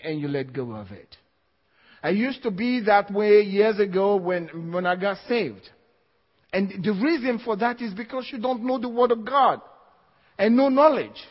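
A man preaching a sermon to a congregation, emphatic and repeating his key phrases, with little laughs between points. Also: high voice. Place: church hall. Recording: dull lo-fi, long hall reverb.

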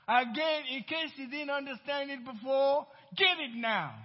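High-voiced pastor preaching slowly in a hall. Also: male voice, expressive. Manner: emphatic, repeats lines and stretches key words. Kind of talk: sermon. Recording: dull recording in a reverberant church hall.

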